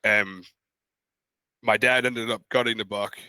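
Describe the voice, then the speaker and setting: Bright-voiced young man telling a story. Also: on the low side, a little slow, clean tone, dry recording. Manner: animated, acts out quoted voices in his stories. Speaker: podcast co-host. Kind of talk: casual storytelling.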